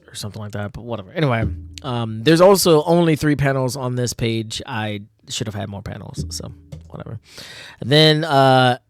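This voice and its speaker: A man's voice: medium pitch, dry recording. A man casually reading through his own old comic, laughing a lot and poking fun at himself with many fillers. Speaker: comic artist reviewing own old work.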